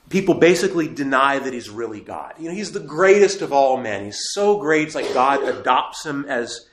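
A man teaching a faith class to a live audience, emphatic and asking the room questions. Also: medium pitch. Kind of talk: lively classroom lecture. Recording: echoey room.

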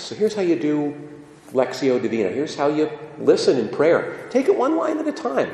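A man's voice: on the high side, moderate pace. A man preaching a sermon, asking his listeners questions and talking straight to them. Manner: animated, asks the listeners questions. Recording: echoey hall reverb.

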